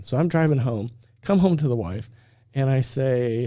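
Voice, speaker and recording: A middle-aged man from Indiana spins a personal story on a podcast. His voice is mellow and dark. He talks casually, laughs often and acts out every line of dialogue. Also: medium pitch, expressive, a little fast.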